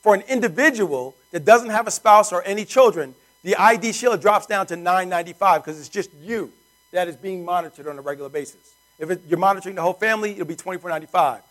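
Upbeat, high-voiced male salesman working a live room of guests. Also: quick pace, low-quality recording. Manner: energetic, keeps asking the crowd rhetorical questions. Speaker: sales presenter. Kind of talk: sales pitch to a live audience.

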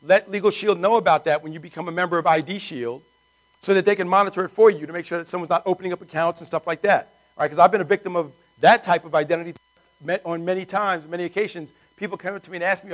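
Upbeat, high-voiced male salesman working a live room of guests. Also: fast, low-quality recording. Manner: energetic, keeps asking the crowd rhetorical questions. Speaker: sales presenter. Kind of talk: sales pitch to a live audience.

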